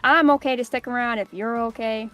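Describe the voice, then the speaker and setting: A woman with a fairly high voice chats playfully as a guest on a stream, poking fun at herself and laughing often. Soft music hums quietly behind her. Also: steady tone, a little fast. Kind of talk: casual chat.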